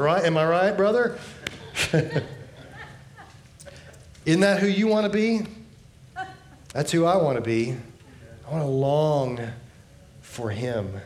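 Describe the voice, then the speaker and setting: A man's voice: takes it slowly, pauses often, a little hiss or hum. Earnest preaching man, echoey room. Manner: earnest preaching, drops low and soft at phrase ends. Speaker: pastor. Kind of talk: sermon.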